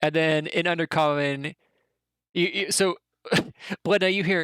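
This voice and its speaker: A game master narrating a tabletop game in a joking, animated way. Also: mid-range voice, unhurried, pauses often, smooth, no room sound, poor audio.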